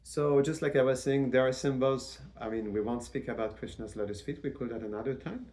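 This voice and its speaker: A man giving a devotional lecture as a spiritual teacher, in a measured, reverent way with frequent restarts. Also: medium pitch, a little mellow.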